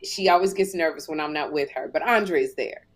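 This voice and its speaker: A middle-aged woman with a low voice hosts a podcast at a moderate pace. She chats casually, telling a funny story and acting out the dialogue.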